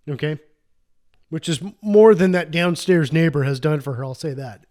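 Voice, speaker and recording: Enthusiastic higher-voiced man chatting about movies. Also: moderate pace, a little mellow. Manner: enthusiastic, rambling, with frequent restarts. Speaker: podcast co-host. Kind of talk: casual movie review chat.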